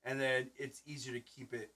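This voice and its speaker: A man's voice: mid-range voice, little pitch movement, normal speed. A man in his thirties hosting a casual podcast chat, rambling through stories and acting out what people said. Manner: rambling storyteller, acts out quotes loudly. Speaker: podcast host and Twitch streamer.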